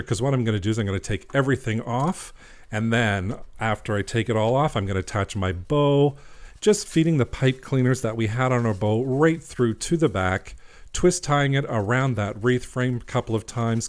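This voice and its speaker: Chatty man narrating a craft vlog. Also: mid-range voice. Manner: chatty, laughs at his own slip-ups. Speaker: wreath-making vlogger. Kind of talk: casual craft tutorial voice-over.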